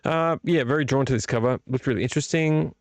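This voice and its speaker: Fast and mid-range, with no echo, this man's voice carries a casual live-stream chat. He hosts a live vlog, rambling excitedly, swearing freely and talking directly to the people watching.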